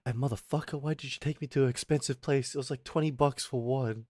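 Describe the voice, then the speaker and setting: A man's voice: mid-range voice, fast, no echo, studio quality. A young man streamer telling a rambling, swear-filled story, acting out the other people in it. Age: young adult. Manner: swearing, animated retelling with quoted voices. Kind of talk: casual storytelling rant.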